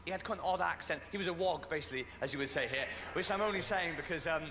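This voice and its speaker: A man's voice: a little high, fast talker, sharp tone. A British man doing dry, self-deprecating stand-up comedy, recorded on stage in a venue with an audience. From Britain. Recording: echoey venue, faint noise.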